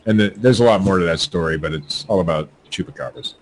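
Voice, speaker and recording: A fast-talking, low-pitched podcast host reads out news stories, tripping over lines and laughing at his own jokes. The audio quality is poor.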